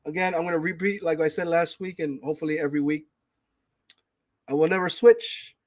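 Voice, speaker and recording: A man's voice: a little high, fairly even intonation, a little fast, a little mellow. A man hosting a casual gaming podcast, ranting with heavy profanity and reading out chat names. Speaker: podcast host.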